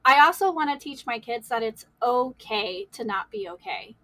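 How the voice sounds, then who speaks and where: A woman's voice: a little high, expressive, moderate pace, pushed and bright, dry recording, rough recording. A woman guest on a podcast, candidly telling her life story in a rambling way, with many "like"s and laughs. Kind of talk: emotional personal storytelling.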